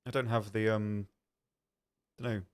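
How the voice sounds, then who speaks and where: Young male stream host, lowish pitch, casual chat, reads chat questions and rambles through answers with self-mocking asides. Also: little pitch movement, a little slow, smooth. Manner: chatty and self-deprecating, reads viewer questions aloud and answers with frequent ums.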